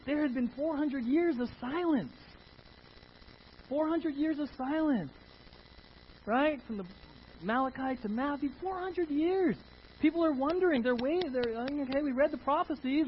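Animated high-voiced male preacher. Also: breathy edge, muffled recording. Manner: animated preaching with call-and-response questions. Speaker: pastor. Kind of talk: sermon.

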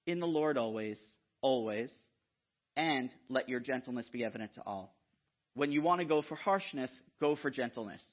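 A man preaching a sermon in an animated, conversational way, often checking in with the listeners. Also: on the high side, slightly rough. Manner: animated, conversational, frequent "right?" asides. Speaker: guest preacher. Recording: dull lo-fi sound.

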